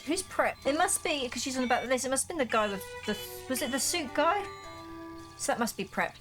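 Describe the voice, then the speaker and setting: A woman's voice: high voice, lively intonation, a little fast. Chatty woman gamer with music behind. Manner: chatty, puzzling things out aloud. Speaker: gaming channel host. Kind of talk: casual game commentary, reading dialogue aloud. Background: game music.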